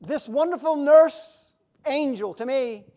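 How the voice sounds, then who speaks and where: High-pitched guy pastor giving a sermon, chatty and emotional, gets loud all of a sudden. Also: slow pace.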